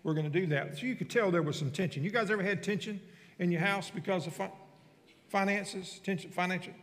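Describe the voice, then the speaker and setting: A man's voice: sits high, a little fast, a bit bright, long reverb tail. A male pastor preaching a sermon in a church, telling stories and teasing the congregation. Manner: storytelling, joking with the congregation.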